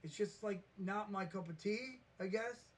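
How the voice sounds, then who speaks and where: High-voiced man telling a rambling story. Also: unhurried. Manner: rambling, animated, restarts and acts out quotes. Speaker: vlogger. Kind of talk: casual storytelling monologue.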